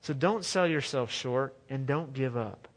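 A man's voice: mid-range voice, unhurried. A man preaching a sermon as pastor, earnest and conversational, often restarting his phrases.

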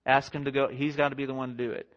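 A young married man preaching a sermon to a congregation in a conversational, self-deprecating way, slipping into quick acted-out quotes. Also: medium pitch, level tone. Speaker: pastor. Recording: dull lo-fi sound.

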